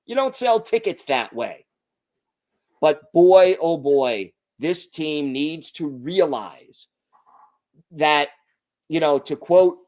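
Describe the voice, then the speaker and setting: A man hosting a hockey podcast, giving his opinions in an emphatic, deliberate way. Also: a little high, expressive, a little mellow. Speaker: podcast host.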